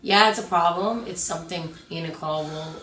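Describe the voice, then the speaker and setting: Talking a little fast in a lowish voice, a woman co-hosts a casual chat with animated emphasis, though she stutters and restarts words. The room is echoey, with faint music in the background.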